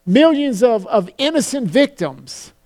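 A man preaching a sermon, earnest, slowing down to quote scripture solemnly and often repeating words as he starts a phrase. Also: very high-pitched, big pitch swings, darkish tone.

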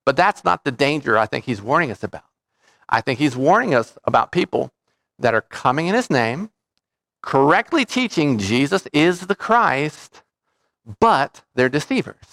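A man's voice: a little high, very animated, normal speed, vocal fry, a bit bright, no room sound, clean studio sound. A man preaching a sermon as pastor, in a conversational way that often stops to check in with his listeners. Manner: conversational preaching with frequent "okay?" check-ins.

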